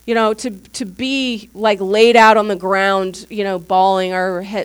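A woman pastor giving a teaching sermon at a church service in an informal, candid, conversational way. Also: mid-range voice. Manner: informal, candid and conversational, acting out what others said.

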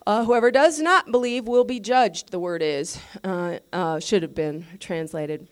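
A woman pastor teaching a sermon in a lively, conversational way, asking her listeners questions and correcting herself as she goes. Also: medium pitch, measured pace. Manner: restarts and self-corrections.

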